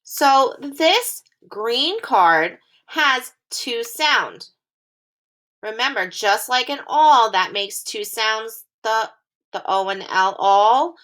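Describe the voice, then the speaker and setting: A woman teacher giving a phonics lesson to young children, speaking slowly and clearly in a sing-song way. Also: a little high, expressive, a bit bright.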